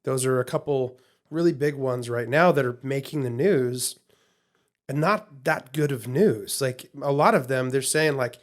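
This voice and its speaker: Male podcast co-host, mid-range pitch, loose rambling delivery that keeps restarting. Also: measured pace. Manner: rambling, many fillers and restarts. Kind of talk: casual podcast discussion.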